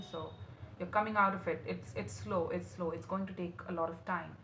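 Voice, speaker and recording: A woman's voice: on the low side, fairly even intonation, moderate pace, creaky, a bit bright. A woman doing a tarot reading for her viewers, earnest and emotional, calling the listener honey. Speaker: tarot reader. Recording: roomy echo, faint room noise.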